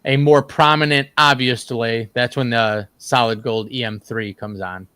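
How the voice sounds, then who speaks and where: A man's voice: mid-range voice, steady tone, moderate pace, bright, forceful tone, smooth, no echo. Easygoing male guitarist, dry sound. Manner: easygoing, rambling storyteller with fillers. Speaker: guest guitarist in a band. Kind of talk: casual chat about guitar gear.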